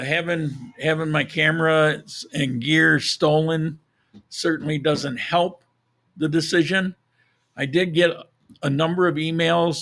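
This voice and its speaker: Man, hoarse froggy voice, gravelly, slightly high, casual live podcast host, rambling. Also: fairly bright tone. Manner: rambling, self-correcting, chuckles at own jokes. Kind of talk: casual live-stream chat.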